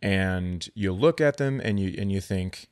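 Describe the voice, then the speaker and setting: A man's voice: deep voice, a little slow, a little mellow, clear, resonant tone. A man co-hosting a podcast, joking dryly and telling anecdotes in casual chat. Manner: dry, joking, tells anecdotes. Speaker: podcast co-host, comedian.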